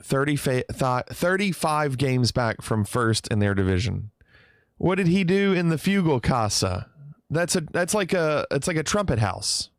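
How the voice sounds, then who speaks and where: Lively-voiced playful man on stream. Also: medium pitch, a little slow, no echo, studio quality. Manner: playful, teasing, laughs often. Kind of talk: casual livestream chat reading viewer comments.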